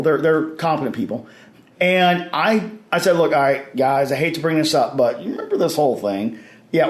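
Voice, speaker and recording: Rambling man in an echoey room. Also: on the high side. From Mississippi, US. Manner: rambling, many restarts and fillers. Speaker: podcast guest. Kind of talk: casual interview chat. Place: expo hall.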